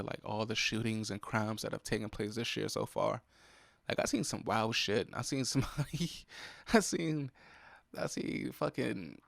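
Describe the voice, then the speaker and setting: A young man with a gravelly, medium-pitched voice vents irritably and profanely on his own podcast in a casual monologue. He speaks into a close podcast mic, and there's no echo.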